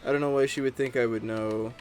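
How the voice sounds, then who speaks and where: A man's voice: medium pitch, fairly even intonation, quick pace, darkish tone, soft background music. A man giving casual gameplay commentary, rambling and chatty as he tells stories while he plays. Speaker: gaming channel host.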